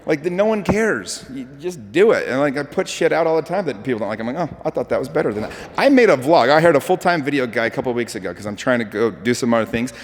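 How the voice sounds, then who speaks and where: A man giving a motivational talk to an audience, telling animated stories with acted-out quotes. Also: medium pitch, fast talker, few pauses. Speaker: speaker. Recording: hall with reverb.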